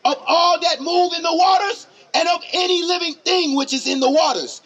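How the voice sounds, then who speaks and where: A man reading scripture aloud slowly and emphatically, declaiming each phrase. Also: very high voice, fairly bright tone, muffled recording. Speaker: scripture reader.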